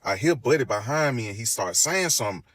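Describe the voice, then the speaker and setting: Man, middle pitch, casual storyteller, animated, voices the people in his story, dry close sound. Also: fast talker, dry recording. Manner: loose, full of "like" fillers and restarts.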